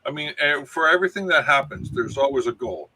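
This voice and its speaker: A man in a casual chat asking halting questions. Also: medium pitch, animated, bright, forceful tone, rough recording.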